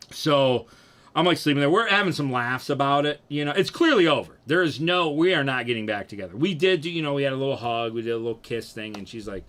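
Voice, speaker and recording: Bright-voiced man telling a wild story. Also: a little high, brisk. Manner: animated, profane, acts out quotes. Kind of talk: casual storytelling chat.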